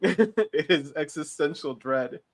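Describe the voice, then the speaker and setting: A man playing a tabletop game, talking in a playful, deliberate way. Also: fairly high pitch, expressive. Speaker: player. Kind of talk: joking table chat.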